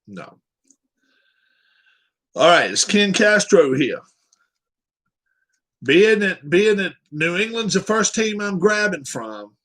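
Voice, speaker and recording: A man with a slightly high voice talks casually on a live stream. He rambles and chats with his viewers at an unhurried pace, his pitch swinging up and down. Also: very animated, a bit bright, poor audio. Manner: rambling, chatting with viewers while setting up a game.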